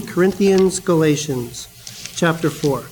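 A man's voice: fairly high pitch, lively intonation, slow pace, darkish tone, poor audio. A male preacher giving a sermon in a conversational, storytelling way, with asides to the congregation.

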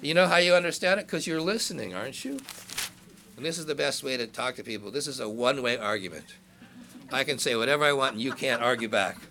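A man's voice: mid-range voice, lively intonation, fast talker, vocal fry, pushed and bright, a little hiss or hum. A man in his sixties preaching a sermon in a conversational way, joking with the congregation and reading scripture aloud in a raised voice. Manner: conversational preaching with asides and jokes. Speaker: pastor.

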